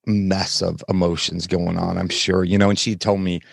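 A man as a podcast guest, telling his story candidly in plain, frank words with halting restarts. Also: low-pitched, level tone, creaky, husky, no room sound, clean studio sound. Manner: frank, plain-spoken, occasional swearing; halting, many fillers and restarts while recounting.

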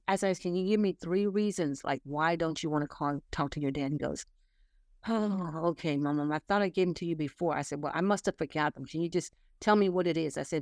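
A woman's voice: lowish voice, a little mellow, no echo, clean studio sound. Earnest woman in her sixties. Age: 60s. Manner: earnest storytelling, acting out quoted dialogue. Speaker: interview guest. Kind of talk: casual faith-based conversation.

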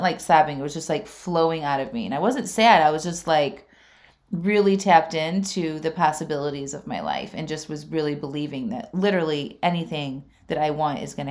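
A woman in her forties with a somewhat low voice tells a personal story the way she would to a friend. Her talk is loose and full of asides to listeners. She breaks into laughter now and then. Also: darkish tone. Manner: chatty, lots of fillers and asides to listeners; laughs often mid-sentence.

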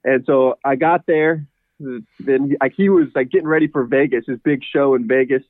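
A man's voice: mid-range voice, fairly even intonation, normal speed, no echo. Man telling a story over a tinny line. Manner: rambling, repeats words, laughs often. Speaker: guest, horse trainer. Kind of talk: casual interview storytelling.

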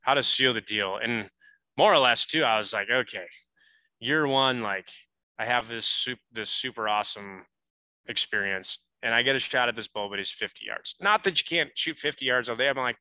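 A man telling a hunting story as a podcast guest, animated and full of casual fillers. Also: medium pitch, moderate pace, no room sound, poor audio.

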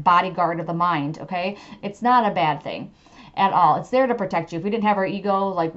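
Chatty woman podcaster, slightly lo-fi. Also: fairly low pitch. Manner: chatty and emphatic, with many fillers like "like" and "okay". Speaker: podcast host and medium. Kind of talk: casual solo podcast talk.

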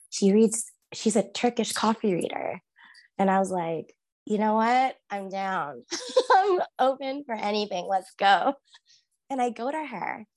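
A young woman telling a personal story as a guest, casual and animated, laughing often, acting out her own past lines and using lots of "like" fillers. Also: on the low side.

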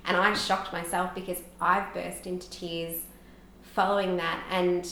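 This podcast guest, a woman in her thirties, has a fairly low voice with a flat, unhurried delivery that comes across pushed and bright. Her conversational storytelling is open and emotional, peppered with frequent "like"s. Faint background noise and a roomy echo surround the recording.

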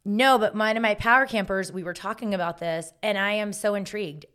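Bright, upbeat woman. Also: mid-range voice, fairly quick, smooth. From South Carolina. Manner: upbeat, enthusiastic. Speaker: fitness instructor guest. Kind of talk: casual interview chat.

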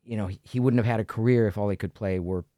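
A man hosting an interview podcast, talking casually in a chatty, lively way. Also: on the low side, quick pace, no echo, clean studio sound. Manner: lively, chatty, laughs often. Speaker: podcast host.

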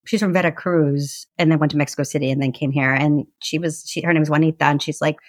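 A woman's voice: low voice, quick pace, dry recording. Chatty woman, dry close sound. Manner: animated, chatty, heavy use of fillers. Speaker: podcast guest, author. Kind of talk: casual conversational interview.

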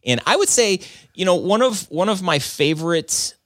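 A man who owns a video business and podcasts tells his story in an earnest, self-reflective, rambling way, full of "like" and "um." His voice is high, expressive and a bit bright at normal speed. The studio recording is clean, with no echo.

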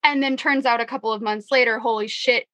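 A woman coach hosting a chat, warm and effusive, swearing casually. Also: on the high side, fairly even intonation, quick pace, dry recording. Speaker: coach and host.

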